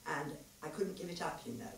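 A woman reading a sharp young woman physicist. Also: deep voice, brisk, slight background noise. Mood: candid. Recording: echoey hall, mic far off.

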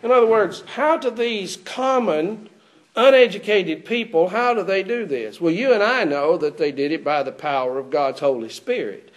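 A man's voice: high voice, normal speed. A man preaching an expository sermon in a church, putting rhetorical questions to his congregation.

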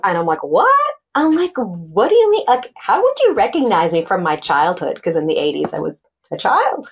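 A woman's voice: lowish voice, normal speed, muffled recording, slight background noise. Woman telling her story, acting out dialogue. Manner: animated, acts out quoted dialogue, many restarts. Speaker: podcast guest. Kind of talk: personal storytelling in an interview.

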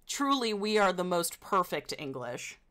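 A woman with an Indiana accent chatting casually with her viewers as a livestreamer, in a wry, joking way and quick to laugh. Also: on the low side, big pitch swings, sharp tone. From Indiana, United States.

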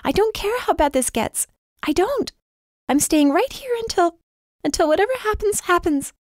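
A woman voicing a protective young woman in an audiobook, soft and tender at times, defiant and tearful at others. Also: on the high side, big pitch swings, fairly quick, husky, no echo, studio quality, voice pushed up. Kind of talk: audiobook character voice.

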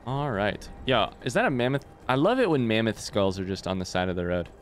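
A man's voice: fairly low pitch, a little fast, soft background music. A man giving casual gameplay commentary, swearing freely and talking back to the characters on screen. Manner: animated, swears often, talks to game characters. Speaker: let's play gamer.

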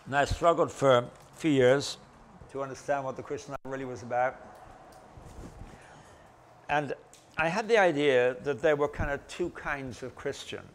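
Man teaching scripture, chatty and halting. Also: medium pitch, a little hiss or hum. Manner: conversational, with gentle self-deprecating humor; halting, with restarts and pauses. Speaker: Bible teacher. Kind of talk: Bible lecture.

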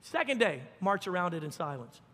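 A male pastor preaching a sermon with animated, folksy storytelling and fervent emphasis. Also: high-pitched, a little fast, in a large hall.

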